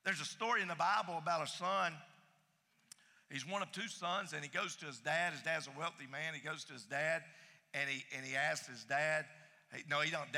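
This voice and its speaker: A man preaching a sermon, emphatic, repeating key phrases and swinging between loud and soft. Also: fairly high pitch, big-room sound. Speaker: pastor.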